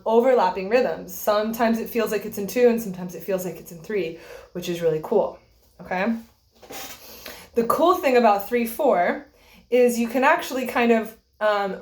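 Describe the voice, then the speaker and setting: A young woman teaches a string player, going through rhythms and bowing step by step. She is patient and stops often to check in with a quick "okay?", and her voice sits at an ordinary middle pitch. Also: darkish tone. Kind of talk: explaining rhythm and bowing to a student.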